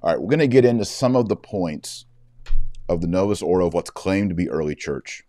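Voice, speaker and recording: A man's voice: low voice, a little fast, dark tone, dry recording, clean studio sound. A man from Texas, hosting a casual show and commenting on video clips in a chatty, joking way. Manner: chatty, joking, with fillers and asides. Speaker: host.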